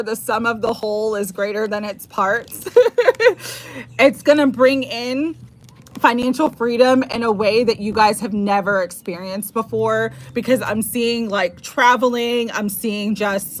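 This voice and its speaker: Slow, emotional woman tarot reader. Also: medium pitch. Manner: emotional, effusive, gets teary. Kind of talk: live-stream tarot reading.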